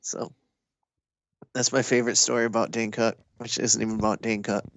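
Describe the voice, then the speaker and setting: A man's voice: on the low side, little pitch movement, fairly quick. A man co-hosting a casual podcast. He tells anecdotes, laughs easily and trades banter. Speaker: podcast co-host.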